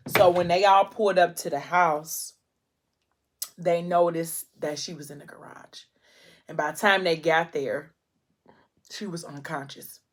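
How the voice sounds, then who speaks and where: A woman with a notably low voice recaps a novel for her viewers in a loose, chatty vlog. She tells it with feeling and plenty of "um" and "like" as she goes. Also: steady tone, measured pace. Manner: chatty, emotional retelling with many fillers. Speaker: book vlogger. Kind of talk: casual book recap while eating.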